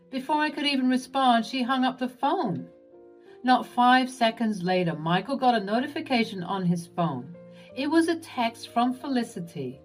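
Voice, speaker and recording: A woman narrating a first-person story in an expressive, lively way. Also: a little high, normal speed, faint music behind.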